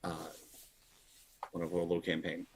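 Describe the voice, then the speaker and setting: Deep-voiced man playing a tabletop game. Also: completely flat delivery, normal speed, slight background noise. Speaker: player. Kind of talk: casual chat.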